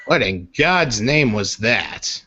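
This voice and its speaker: A man's voice: mid-range voice, big pitch swings, takes it slowly, sharp tone, breathy edge. A man hosting a casual online group chat, rambling and joking with many fillers. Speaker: podcast host. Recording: slightly muffled with faint hiss.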